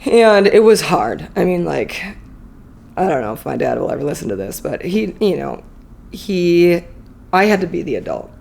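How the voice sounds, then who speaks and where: A woman's voice: lowish voice, sing-song, normal speed, vocal fry, a little mellow, a little hiss or hum. A woman in her thirties, a podcast guest, telling a personal story candidly in a chatty, emotional way full of fillers.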